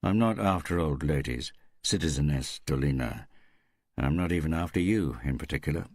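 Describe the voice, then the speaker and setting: A man voicing a weary, shrewd male police captain who speaks in a measured, quietly ironic way. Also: very deep voice, expressive, dry recording, studio quality.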